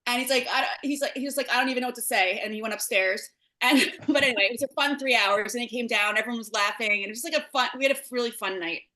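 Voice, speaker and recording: A woman in her thirties or forties with a fairly high, bright voice tells a family story as a guest. She talks in an animated way and laughs often. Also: very fast, hardly any pauses. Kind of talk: casual storytelling.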